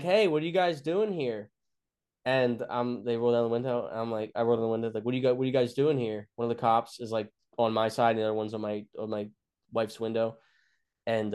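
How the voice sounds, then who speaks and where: Man in his twenties, comedian guest, loose rambling storyteller with plenty of likes and restarts; mid-pitched, everyday voice. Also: darkish tone, smooth. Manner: rambling, many fillers and restarts, swears freely. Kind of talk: casual storytelling chat.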